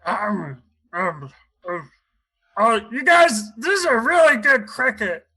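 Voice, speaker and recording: A man's voice: very high-pitched, very animated, takes it slowly, pushed and bright, breathy edge, full character voice. A man voicing a greedy, self-important frog prince in a tabletop game, fussy and hesitant.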